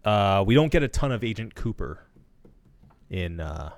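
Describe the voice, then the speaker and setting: A man's voice: on the low side, sing-song, normal speed. A man co-hosting a podcast, laid-back, mostly giving short replies in casual chat. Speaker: podcast co-host.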